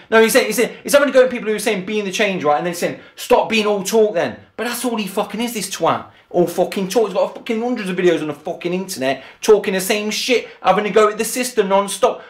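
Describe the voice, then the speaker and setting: A man with a high, slightly bright voice rants angrily and profanely in a vlog over video clips, frequently asking, "do you know what I mean."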